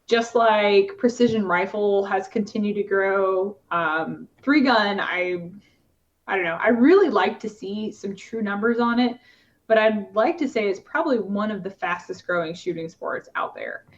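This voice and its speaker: A woman's voice: mid-range voice, unhurried. A woman, a competitive shooter, talking casually in a podcast interview, with many fillers and restarts. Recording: slightly dull lo-fi podcast audio.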